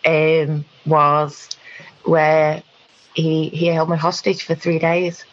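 A woman recounting a personal experience in conversation, halting, with frequent ums and restarts. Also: low-pitched, completely flat delivery, lo-fi sound. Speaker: guest.

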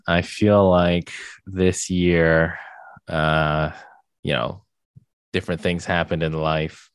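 A young man hosting a podcast in casual chat, rambling with lots of fillers and getting animated when he jokes. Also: very deep voice, vocal fry, no room sound. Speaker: podcast host.

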